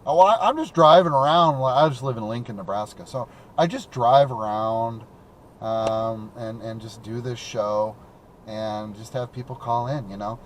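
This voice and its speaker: Driving around in his car, a young man hosts a call-in talk show in a mid-range voice at a moderate pace. The chat is casual and rambling, with repeated words and plenty of fillers.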